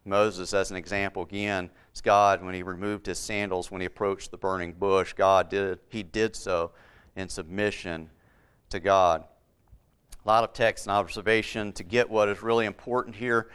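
A man's voice: deep voice, flat delivery, normal speed, fairly bright tone, clean tone. A man preaching a Bible-teaching sermon, repeating key words for emphasis and putting questions to his listeners.

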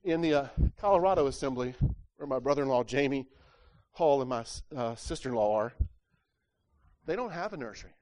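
A man's voice: medium pitch, lively intonation, fairly quick, long pauses, darkish tone. A man preaching a sermon, asking his listeners rhetorical questions, repeating words as he goes, and acting out the voices in the scripture stories. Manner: asks the congregation rhetorical questions; acts out quoted voices from scripture.

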